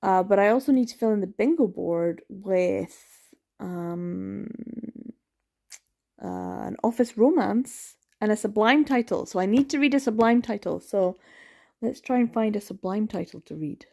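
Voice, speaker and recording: A woman's voice: mid-range voice, expressive, unhurried, creaky, mellow. A woman chatting casually in a reading vlog, rambling with many ums and laughs, sounding tired. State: tired, yawning. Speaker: book vlogger.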